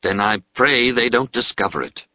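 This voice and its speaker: A man's voice: medium pitch, lively intonation, normal speed, no room sound, pitched above the performer's own voice, natural voice. A man voicing a formal, anxious middle-aged male dentist in an audiobook. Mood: earnest. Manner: formal, polite, grave. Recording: slightly muffled dry audiobook.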